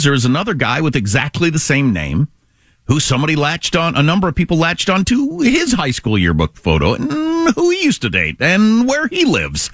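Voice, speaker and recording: A man's voice: medium pitch, a bit bright, no echo, studio quality. A middle-aged man hosting a talk radio show, rambling through stories in a casual, conversational way.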